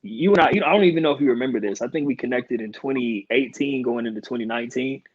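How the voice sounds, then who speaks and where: A man hosts an interview over a video call and speaks to his guest in an encouraging, thoughtful way. His voice sits at a middle pitch, and the audio is dry and a little dull. He keeps a relaxed, conversational pace. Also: fast talker, husky, no room sound. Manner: warm, affirming, thoughtful interviewer. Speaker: podcast host. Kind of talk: casual interview.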